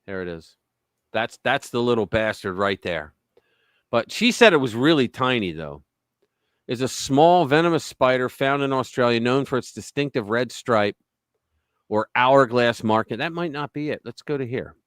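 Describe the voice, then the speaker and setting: A man hosting a live stream, reading an opinion piece aloud in an animated, mock-dramatic way, then chatting casually. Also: medium pitch, normal speed, smooth, no room sound. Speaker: host of a political live stream.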